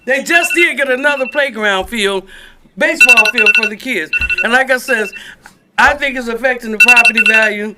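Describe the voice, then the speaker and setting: A man's voice: very high-pitched, normal speed, very noisy. A man giving an emphatic, plainspoken public comment at a city commission meeting.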